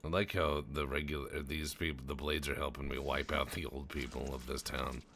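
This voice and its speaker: A man's voice: rumbling low, little pitch movement, normal speed, vocal fry, a bit bright, slight background noise. A young adult man giving casual, profane, joking commentary over a game he is playing, rambling into stories. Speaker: gameplay commentator. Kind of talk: casual let's-play commentary.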